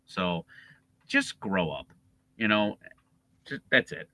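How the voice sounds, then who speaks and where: A man co-hosting a sports podcast in a casual, profane rant. His voice is very bright and forceful, and it swings widely in pitch as he gets worked up. The sound is dry and close. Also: very animated, slow, no room sound, rough recording. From Chicago area. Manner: profane, ranting, laughing often. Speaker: podcast co-host.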